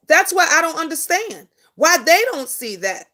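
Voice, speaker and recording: A woman's voice: high-pitched, big pitch swings, normal speed, bright, forceful tone. A middle-aged woman hosting a casual live stream. She answers viewer comments in an emphatic, preachy way and repeats her points. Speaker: livestream host.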